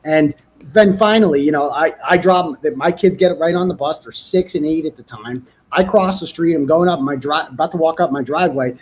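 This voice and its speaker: Middle-aged guest, high male voice, profane and animated. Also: fairly quick, few pauses, husky. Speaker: interview guest. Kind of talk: casual interview.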